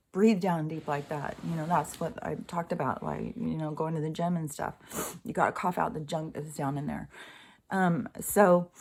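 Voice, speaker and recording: A woman's voice: deep voice, a little mellow. A middle-aged woman vents in an unscripted vlog rant. She rambles, sighs and swears as she works herself up, with nervous little laughs between thoughts. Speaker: vlogger.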